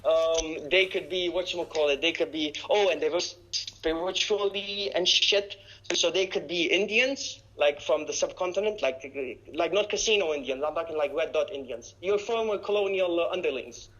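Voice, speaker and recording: A man's voice: fairly high pitch, normal speed, a bit bright. A man in casual podcast chat, rambling with lots of "like" and swearing freely. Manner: rambling, full of "like" and "you know what I mean". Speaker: podcast guest. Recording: slightly dull lo-fi recording.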